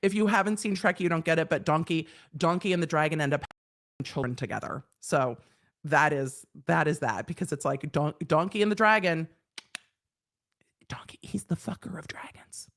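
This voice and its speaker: A middle-aged woman, a lawyer hosting a live stream, talking in a chatty, animated way with laughs and casual swearing. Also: low-pitched, fairly quick.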